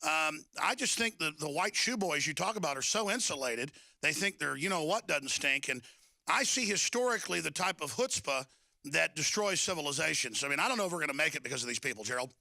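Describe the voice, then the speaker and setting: A man's voice: a little high, lively intonation, a little fast, gravelly, sharp tone, dry recording. A man hosting a political talk show, speaking in an emphatic, indignant way with many fillers and restarts.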